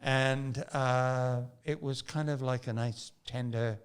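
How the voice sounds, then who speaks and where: A man's voice: mid-range voice, steady tone, takes it slowly, clean tone. A man, a city councillor, telling a funny personal anecdote as a guest in a casual interview. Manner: laughing, anecdotal.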